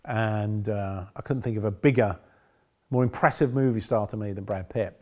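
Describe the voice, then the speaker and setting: A middle-aged man with a fairly low, darkish voice talks at normal speed in an interview. As a film director, he recalls the making of a film in a rambling, self-correcting manner.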